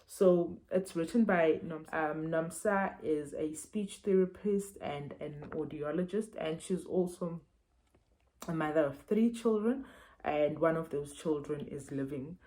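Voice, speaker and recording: Low mellow South African woman. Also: unhurried, low-quality recording. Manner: chatty, many fillers and restarts. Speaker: book reviewer. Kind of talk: casual chat.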